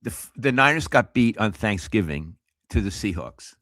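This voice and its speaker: An eighty-year-old man with a low voice talks sports with blunt, swearing candor. His pitch swings widely as he grumbles and jokes. The sound is dry and close. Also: expressive, moderate pace, fairly bright tone, dry recording. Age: 80s. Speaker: co-host, veteran sportswriter. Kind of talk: casual sports talk.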